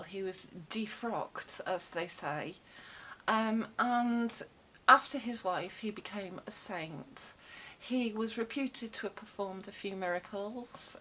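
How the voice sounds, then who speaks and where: A woman's voice: medium pitch, a little hiss or hum, low-quality recording. A woman vlogging from home, chatting casually with many fillers and wry asides into a desk microphone. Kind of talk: casual rambling talk to camera. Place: home room with cats about.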